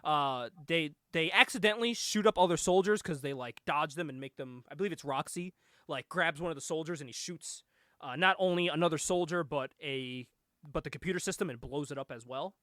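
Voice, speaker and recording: A young man co-hosting a casual show, excitedly retelling a movie plot, laughing often, swearing and acting out the lines. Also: a little high, brisk, dry recording, clean studio sound. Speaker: podcast co-host.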